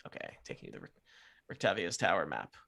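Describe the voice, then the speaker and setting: A man's voice: low-pitched, big pitch swings, quick pace, creaky, fairly bright tone. A man running a tabletop game as game master, chatty and laughing often.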